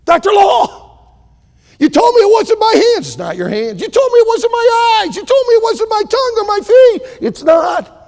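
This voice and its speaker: A man acting out a desperate male patient begging a doctor for help, his voice climbing to shouts. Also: sits high, lively intonation, normal speed, gravelly, long pauses, long reverb tail, exaggerated voice. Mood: exasperated. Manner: pleading, rising to shouts.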